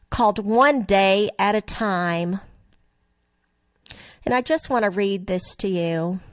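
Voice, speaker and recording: An older woman from Nashville, giving a sermon and reciting song lyrics in a slow, earnest, softly emotional way. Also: a little high, no echo. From Nashville, Tennessee. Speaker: speaker at a religious gathering.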